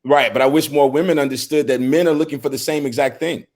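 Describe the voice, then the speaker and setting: A man's voice: medium pitch, steady tone, fast, darkish tone. A middle-aged man co-hosting a podcast, talking earnestly and from the heart, often restarting his words. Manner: earnest, heartfelt, with frequent repeated starts. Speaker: podcast co-host. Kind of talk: casual discussion.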